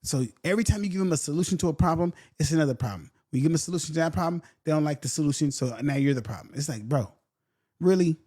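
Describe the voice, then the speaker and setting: A man talks through his podcast in a loose, blunt way. He circles back and repeats his points, and sometimes slips into quick mocking voices. His voice sits a little high and has a warm, mellow tone. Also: breathy edge. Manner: repetitive, blunt, mocks others with quick voices. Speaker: podcast host. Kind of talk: casual commentary.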